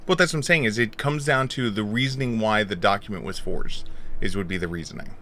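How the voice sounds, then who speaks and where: A man's voice: lowish voice, brisk, pushed and bright, a little hiss or hum. A man playing a tabletop role-playing game, arguing his point at rambling length. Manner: argumentative, rambling. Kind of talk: casual chat, arguing a point.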